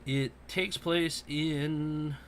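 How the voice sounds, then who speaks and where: A man hosts a casual podcast, telling stories and ranting with plenty of swearing in a profane, animated style. His voice is a little high and he speaks very slowly, with slight background noise present.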